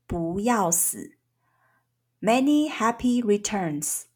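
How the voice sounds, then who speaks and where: A woman co-host reading dialogue lines slowly and carefully in an English lesson. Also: medium pitch, expressive, husky.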